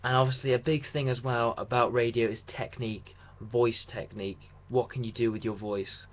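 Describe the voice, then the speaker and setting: A man's voice: mid-range voice, steady tone, normal speed. A young man talking through a casual video diary about his radio drama rehearsals, chatty and rambling with restarts. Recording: dull lo-fi sound with faint hiss.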